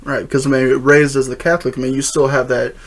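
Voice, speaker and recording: A man hosting a casual chat, mostly answering with brief, low-key replies and asking questions. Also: flat delivery, fast, a loud crowd. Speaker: host.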